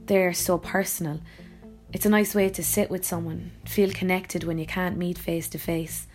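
Irish woman, actor and voice-over artist, slightly low voice; reflective, wry first-person blog reading over faint music. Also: little pitch movement, moderate pace, a little mellow. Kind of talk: reading her own blog post aloud.

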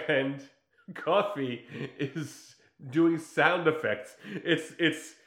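A man's voice: on the high side, drawn-out words, reverberant. A man casually recapping a film in chat, telling it with energy and acting out the lines he quotes. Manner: animated storytelling with acted-out quotes, swears freely. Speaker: podcast co-host recapping a film.

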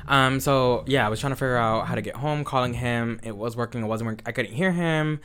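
A brash young man spins a messy night-out story in casual chat, cursing freely and springing into loud quoted outbursts. His voice sits at an ordinary middle pitch for a man. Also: fairly quick, slight background noise.

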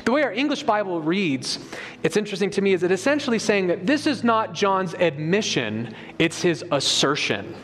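A man's voice: high-pitched, sing-song, normal speed, a bit bright. A man preaching a sermon, explaining a Bible passage emphatically and reading scripture aloud to his congregation. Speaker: pastor. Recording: long hall reverb.

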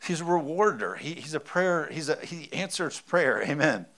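A man's voice: on the high side, lively intonation, normal speed, a bit bright. A man in his thirties, a pastor preaching a sermon with emphasis and often calling out for an amen.

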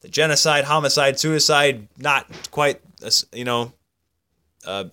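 A young man co-hosting a sports podcast, jumping quickly between tangents in casual chat. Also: medium pitch, sharp tone, clear, resonant tone. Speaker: podcast co-host.

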